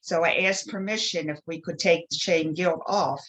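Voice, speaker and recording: A woman speaking as a guest in an interview, telling stories with lively acted-out quotes. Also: lowish voice, moderate pace, low-quality recording. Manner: animated storytelling with acted quotes. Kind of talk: conversational interview.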